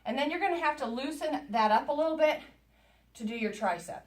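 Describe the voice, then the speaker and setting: A woman's voice: high-pitched, brisk. A woman fitness instructor coaching a workout as she exercises, chatty and encouraging as she counts down reps in her home workout space. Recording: echoey room, voice from a distance.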